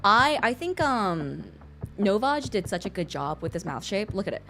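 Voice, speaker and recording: A woman streamer chatting casually on a livestream, expressive and quick to laugh, swearing freely. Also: medium pitch, slight background noise.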